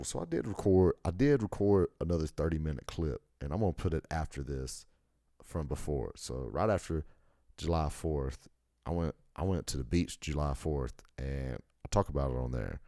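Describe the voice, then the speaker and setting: A man's voice: very deep voice, mellow, no room sound, studio quality. A young American man hosting a podcast alone, rambling and ranting with heavy profanity. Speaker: podcast host. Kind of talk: casual solo monologue.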